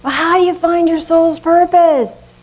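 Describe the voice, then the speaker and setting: An older woman preaching a sermon in a lively, conversational way, often laughing at herself. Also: extremely high pitch, a little slow, rough recording. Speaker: minister.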